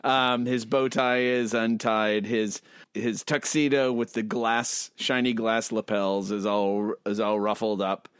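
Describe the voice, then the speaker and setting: A man's voice: fairly low pitch, flat delivery, slow, smooth, dry recording, studio quality. A man casually chatting on a podcast, describing comic strip panels and laughing often. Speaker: podcast co-host. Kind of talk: casual chat reading a comic strip aloud.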